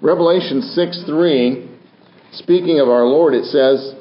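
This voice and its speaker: A man's voice: on the high side, unhurried. An older man preaching a sermon from the pulpit with dramatic, swinging delivery and repeated phrases. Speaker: pastor. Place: church sanctuary. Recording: roomy dull church recording.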